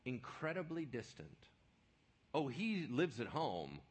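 A man preaching a sermon who explains scripture with animated rhetorical questions. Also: mid-range voice, takes it slowly, breathy edge.

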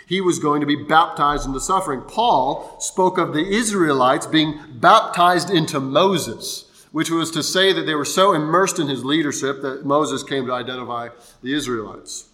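A pastor preaching a Sunday sermon, explaining scripture in a conversational, teaching way. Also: male voice, fairly high pitch, moderate pace, few pauses, bright, forceful tone.

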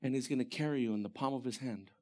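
A man preaching a sermon as pastor, animated, swinging from shouted lines to hushed, near-whispered ones. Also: mid-range voice, fast.

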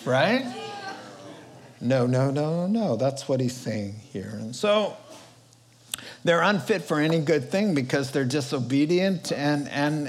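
Brief: older male pastor, unhurried, animated storyteller. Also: fairly high pitch. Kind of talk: sermon.

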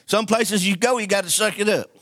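In clean studio sound with no room sound, a man preaches in a high, somewhat bright voice, moving briskly. He spins folksy stories and calls the congregation to answer with amens.

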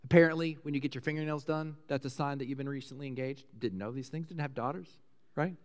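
A middle-aged man preaching a sermon as a pastor, conversational and animated, rising loud and high when excited. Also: fast. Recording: preached in a church, long reverb.

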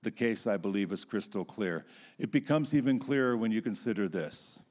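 A man's voice: expressive, darkish tone. Emphatic man teaching scripture. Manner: emphatic, measured, drops low at key points. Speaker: Bible teacher. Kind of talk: teaching talk to a class.

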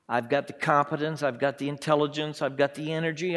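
A man preaching a sermon, acting out voices from the story and swinging between hushed, drawn-out lines and loud ones. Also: fairly high pitch, steady tone, big-room sound.

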